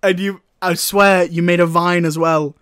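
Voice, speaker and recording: A man's voice: high-pitched, fairly even intonation, normal speed, fairly bright tone, smooth. A young man hosting a podcast in a bubbly, giggly way, often restarting his sentences. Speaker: podcast host.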